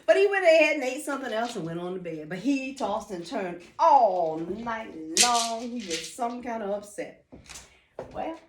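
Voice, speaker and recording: An animated woman storyteller tells a folk tale in a singsong rhythm, with a high voice that leaps up and down. She is recorded from some way off, in a room that echoes, with faint noise behind her. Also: moderate pace. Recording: echoey room, distant mic.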